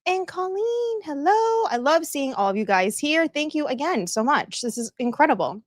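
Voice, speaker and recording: A bubbly young woman hosts a live stream, greeting her viewers one by one with plenty of laughs. Her voice sits high and bright, and the sound is close and dry, with no room around it. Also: very animated, normal speed, dry recording. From northeastern United States. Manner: bubbly, greets chat by name, laughs often. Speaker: livestream host. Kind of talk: casual livestream chat.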